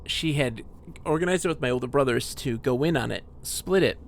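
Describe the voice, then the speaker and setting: A man streaming a game, telling a rambling personal story in a chatty, animated way. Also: mid-range voice, fairly quick, vocal fry, slight background noise. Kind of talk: casual storytelling while playing a game.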